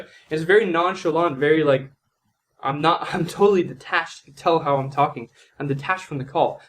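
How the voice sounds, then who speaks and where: A man's voice: fairly high pitch, a little fast, slight background noise. A man coaching on sales in a loose, conversational way, acting out both sides of a sales call as he explains. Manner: loose and conversational, lots of "man" and "like", role-plays sales calls. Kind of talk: casual teaching monologue.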